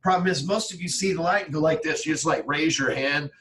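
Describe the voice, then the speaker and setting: A man's voice: a little high, quick pace, fairly bright tone, recorded from a distance, poor audio. A man from Texas talks bluntly as a podcast guest, dropping casual curses and checking in with "right?" between points. His voice sits a little back from the microphone, and a faint background noise runs under it. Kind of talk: casual motivational storytelling.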